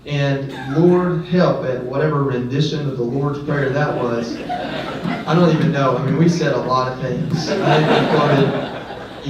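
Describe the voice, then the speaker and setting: A man who is a guest speaker at a ceremony, telling a personal story in an earnest, conversational way with self-deprecating asides. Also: medium pitch. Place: ceremony venue. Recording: echoey hall, distant mic, dull sound, faint background noise.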